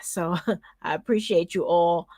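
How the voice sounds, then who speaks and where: A woman's voice: lowish voice, steady tone, a little slow, mellow, dry recording. A woman hosting a live-streamed talk show, chatting casually with her co-host and laughing often.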